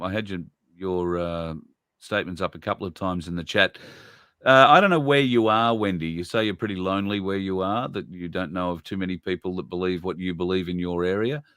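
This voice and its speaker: A man's voice: low-pitched, fairly bright tone, no room sound. An Australian man hosting a live stream in a rambling, chatty way, laughing often. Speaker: host. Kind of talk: casual live-stream chat.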